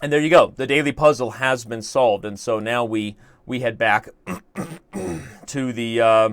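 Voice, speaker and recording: A man's voice: mid-range voice, unhurried, vocal fry, a bit bright, dry recording. A young man hosting a chess show, chatting casually and thinking aloud as he works through a puzzle, with self-mocking humor. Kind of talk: casual live-stream commentary.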